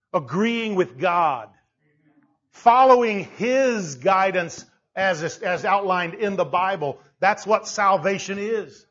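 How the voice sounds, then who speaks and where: Man, high voice, preaching, sermon, quiet to shouting, laughs, muffled lo-fi sound. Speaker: pastor.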